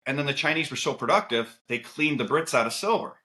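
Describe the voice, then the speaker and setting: A man who is a podcast guest, talking casually and telling stories with quick asides. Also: medium pitch. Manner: animated, lively storytelling with quick asides.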